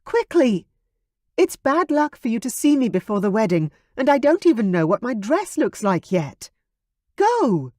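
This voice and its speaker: A man's voice: very high-pitched, big pitch swings, unhurried, darkish tone, no room sound, clean studio sound, voice pushed up, exaggerated voice. A man voicing a hot-tempered young dragon princess in an audiobook, demanding and huffy. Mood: shooing. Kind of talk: audiobook character voice.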